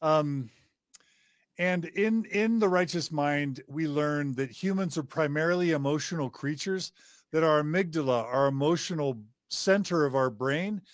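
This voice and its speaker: Middle-aged guy on a podcast, earnest and thoughtful, slightly high voice, dry close mic. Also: unhurried, dry recording. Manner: earnest, reflective, with frequent restarts. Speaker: podcast guest. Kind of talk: casual conversation.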